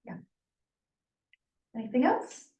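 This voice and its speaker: A woman's voice: slow, darkish tone. A woman presenting her company's services to a community audience and fielding questions in a friendly way. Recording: echoey room from far off.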